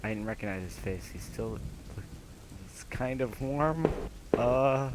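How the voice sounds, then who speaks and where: A man's voice: medium pitch, expressive, takes it slowly, heavy background noise. A young man playing a horror game, reading its text aloud and reacting with nervous laughs and whispers. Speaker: gameplay commentator. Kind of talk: casual let's-play commentary, reading game text aloud. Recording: rain and thunder from the game behind. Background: loud rain and thunderstorm game sounds.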